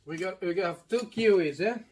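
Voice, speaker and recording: Portuguese guy from madeira doing a mukbang, fairly high voice, mixes english and portuguese, keeps saying eh? yeah?. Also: a little hiss or hum. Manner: switches between Portuguese and English, repeats "eh?" and "yeah?" to viewers; drawn-out "mm" sounds while eating. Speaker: mukbang host. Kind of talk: casual eating video chat.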